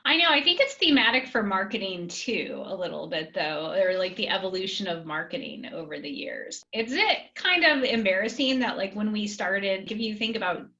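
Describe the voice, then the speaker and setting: A woman's voice: mid-range voice, very animated, normal speed, few pauses, pushed and bright, highs cut off. A woman guest on a podcast, chatty and easy-laughing, talking through her work with casual fillers. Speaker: guest, marketing director. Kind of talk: casual interview.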